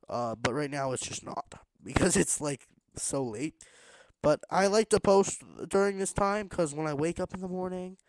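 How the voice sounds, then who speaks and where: A man's voice: fairly high pitch, a little mellow, no echo. A man streaming a block-building game late at night, rambling to himself in a tired, casual way while he builds. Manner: rambling, self-talking, tired but pushing energy.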